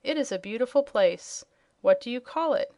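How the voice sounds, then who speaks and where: A woman's voice: a little high, animated, normal speed, warm tone, dry recording, close to an everyday voice. A woman voicing a kindly, puzzled old male wizard in a children's storybook reading. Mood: polite.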